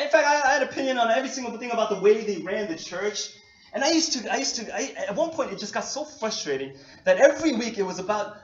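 Brief: male pastor from New York, high voice, laughing self-deprecating sermon, dull lo-fi recording. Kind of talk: conversational sermon. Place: church hall. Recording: echoey dull lo-fi hall recording.

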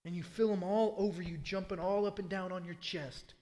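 A man pastor preaching a sermon, telling a vivid story in the second person and swinging between loud and hushed. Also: high voice, fairly even intonation, brisk, big-room sound. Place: church sanctuary.

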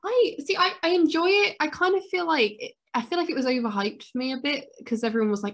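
A woman's voice: sits high, quick pace, hardly any pauses. A woman co-hosting a podcast in casual chat, rambling with many fillers and self-corrections. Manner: excitable, gasps and exclaims. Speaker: podcast co-host.

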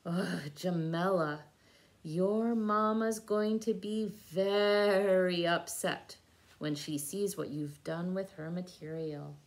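A woman's voice: fairly low pitch, steady tone, slow. A woman reading a storybook aloud, voicing an older girl who scolds a younger child. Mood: scolding.

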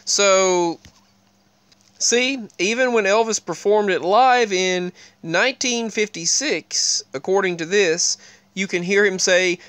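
High, smooth-voiced man talking to camera. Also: unhurried, a bit bright, no echo. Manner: rambling, with frequent restarts; points viewers to what is on screen. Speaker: video creator. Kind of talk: casual talk to camera.

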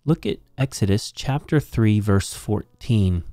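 Slow, deep-voiced man teaching Greek grammar. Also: expressive, mellow, dry recording, studio quality. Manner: slow, methodical explaining. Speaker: Bible teacher.

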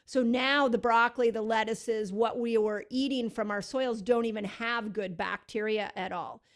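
A middle-aged woman from the United States hosts a podcast chat. Her voice sits a little high and she talks earnestly, pressing her points and often restarting mid-sentence. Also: steady tone, moderate pace. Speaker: podcast host. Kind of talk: casual interview chat.

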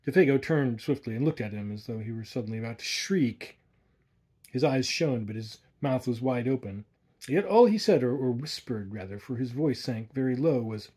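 A man narrating a spooky tale in a measured, atmospheric way. His voice is dark and mellow with a husky grain. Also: mid-range voice, animated. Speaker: audiobook narrator. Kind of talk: scripted narration.

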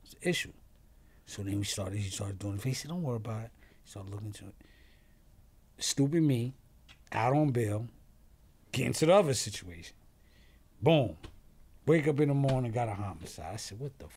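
A man's voice: lowish voice, normal speed, pauses often, a little hiss or hum. A man, a podcast guest telling a story in casual talk, acting out what others said and swearing freely, often trailing off and restarting. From New York. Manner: animated storyteller who acts out quoted voices, swears freely; trails off and restarts mid-sentence.

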